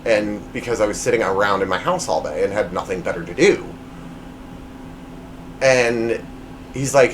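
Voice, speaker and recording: This podcast host's voice sits on the low side, with lively intonation, a moderate pace, and long pauses. Recorded at home against a noisy background, he rambles through a personal story, self-deprecating and full of fillers and restarts.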